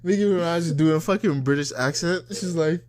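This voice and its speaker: A man's voice: fairly high pitch, normal speed. A man from South Florida co-hosting a casual podcast chat, loose and profane, often mimicking people in put-on voices. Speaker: podcast co-host.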